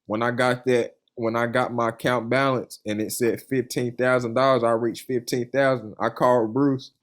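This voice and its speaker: A man's voice: medium pitch, little pitch movement, normal speed. A young man, a funded trader, talking casually and earnestly in an interview, with a loose storytelling manner full of "you know" and "man". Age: young adult. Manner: earnest and enthusiastic.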